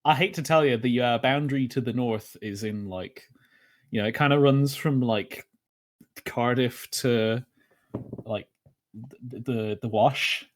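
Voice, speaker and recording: A man's voice: medium pitch, unhurried. A man guest on a podcast who stammers and laughs often.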